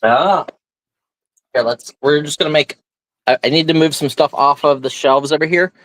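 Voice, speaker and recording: In his live online auction, the host rambles in a casual, chatty way and explains the items one by one as he displays them. His slightly high, somewhat bright voice moves at a moderate pace, with no room sound in the recording.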